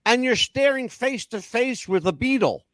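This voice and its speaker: A man hosting a casual talk-radio show, telling stories with animated, crude and profane patter. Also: extremely high pitch, moderate pace, no echo. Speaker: radio host.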